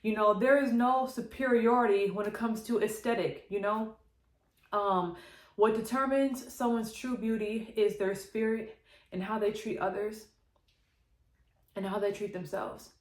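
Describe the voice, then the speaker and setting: A woman's voice: mid-range voice, fairly even intonation, unhurried. A young woman vlogging to her camera, emotional and hesitant, sighing and laughing between her thoughts. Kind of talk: emotional personal vlog to camera. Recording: echoey room.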